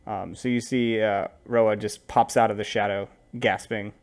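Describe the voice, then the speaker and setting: A man runs a tabletop game in a lowish, unhurried voice. He narrates loosely, trailing off into fillers as he pictures the scene. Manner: relaxed, rambling narration with fillers. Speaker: game master.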